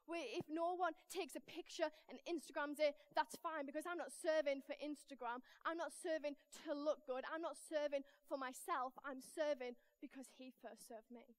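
Animated high-voiced woman preaching. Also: normal speed, hardly any pauses, no echo. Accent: Northern English. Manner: animated, acts out voices in anecdotes. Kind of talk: lively storytelling sermon. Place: church.

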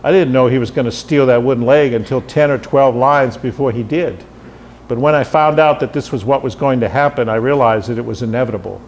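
A man giving a seminar lecture on writing, thoughtful and loose, pausing often on fillers. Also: mid-range voice, a little hiss or hum. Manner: thoughtful, with frequent fillers and restarts.

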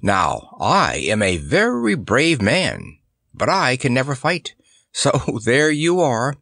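A man's voice: medium pitch, very animated, slow, gravelly, fairly bright tone, no room sound, studio quality, voice pushed up, exaggerated voice. A man voicing a plainspoken, cheerful male soldier who talks in a thoughtful, matter-of-fact way.

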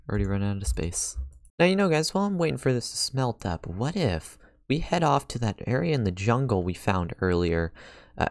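A man hosting a game let's play, chatting casually to viewers and getting easily excited, with gasps and frequent laughs. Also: lowish voice, no echo, clean studio sound. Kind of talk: casual gaming commentary.

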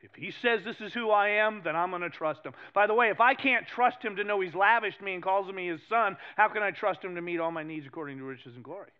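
A male pastor with a New England accent preaching a sermon, animated and emphatic, swinging between loud exclamations and hushed asides. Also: high voice, quick pace, few pauses, clean tone, dull audio. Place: church sanctuary.

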